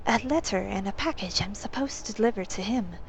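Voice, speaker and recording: A woman voicing a young female lizard-folk courier who speaks quietly and candidly. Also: medium pitch, brisk, a little hiss or hum, close to an everyday voice, rough recording.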